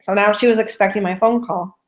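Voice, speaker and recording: A woman teaching in an echoey living room, her voice in a middle pitch. She tells stories animatedly and acts out both sides of her conversations. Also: fairly quick. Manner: animated storyteller acting out dialogue. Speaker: network marketing trainer. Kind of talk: casual training talk.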